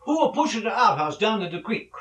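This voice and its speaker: A man's voice: sits high, sing-song, fast, fairly bright tone, roomy sound, distant mic, voice pushed up. A man voicing a stern old Italian immigrant father in a put-on Italian accent and broken English. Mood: demanding.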